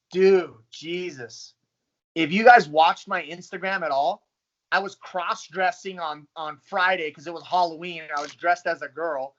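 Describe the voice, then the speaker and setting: A man in his thirties, a professional fighter, telling his story in a casual, profane, animated way. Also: on the high side, lo-fi sound. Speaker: pro fighter. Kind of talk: casual interview talk.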